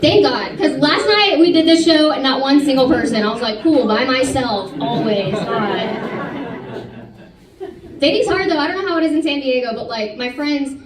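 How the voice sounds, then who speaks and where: High-voiced woman comedian on stage. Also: moderate pace. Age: 30s. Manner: animated, self-mocking, chatty with the crowd. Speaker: stand-up comedian. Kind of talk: stand-up comedy set. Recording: roomy club sound from a distance. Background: audience laughter.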